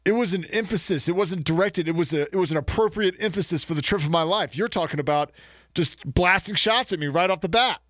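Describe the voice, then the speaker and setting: A man's voice: high-pitched, fairly quick, a bit bright, no room sound. A man co-hosting a community radio sports show in casual banter, joking with dry self-mocking asides, his voice a bit stuffed up from allergies.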